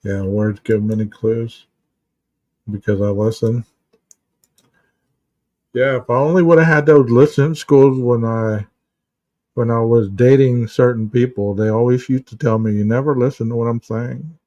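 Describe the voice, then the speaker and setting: Speaking a little slowly with frequent pauses, a man with a warm, medium-pitched voice keeps his intonation fairly even. He hosts a casual live stream as a therapist, telling stories and answering chat in a rambling manner full of restarts and "you know." The dry recording comes from a set-back mic and sounds dull and muffled.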